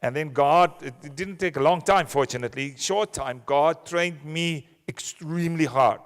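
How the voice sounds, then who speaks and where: A man at a conference sharing a personal testimony in an earnest, measured way. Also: fairly high pitch. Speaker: conference attendee. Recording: reverberant conference hall.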